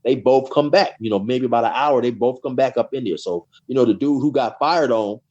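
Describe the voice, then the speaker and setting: A man's voice: mid-range voice, a little fast, darkish tone. A middle-aged man, a guest in an interview, tells long stories in a casual, rambling way, often saying "you know" and repeating words. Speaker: guest telling prison stories. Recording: dull lo-fi sound.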